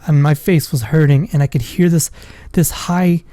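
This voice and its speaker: A man's voice: on the high side, steady tone, normal speed, dark tone, no echo. A man, a father, casually telling a personal story in a rambling, profane way. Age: adult with a school-age daughter. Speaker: vlogger.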